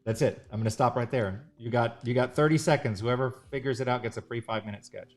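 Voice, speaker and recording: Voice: medium pitch, fast, a little mellow. An artist hosting a drawing livestream, chatting casually with a laid-back, self-mocking manner and laughing easily. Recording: music playing behind.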